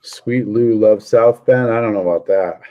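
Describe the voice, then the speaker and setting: A man's voice: on the low side, moderate pace, mellow. A man hosting a casual livestream chat, telling jokey stories and chuckling often. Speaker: livestream host.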